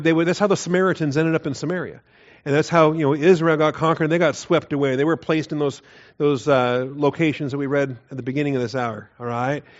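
A man teaching through Bible verses in an earnest, emphatic way, often dropping his voice low to stress a point. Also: darkish tone. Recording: dull lo-fi recording.

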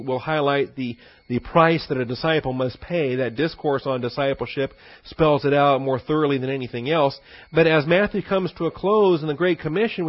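A man's voice: fairly high pitch, no room sound. Pastor guy teaching a bible class, chatty, lots of um and uh, dry dull recording. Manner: conversational, rambling with fillers and asides. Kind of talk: teaching sermon.

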